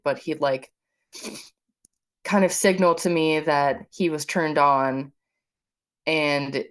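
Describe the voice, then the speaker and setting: A woman telling her own story in a casual, halting way, with many fillers. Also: sits low. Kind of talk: personal testimony.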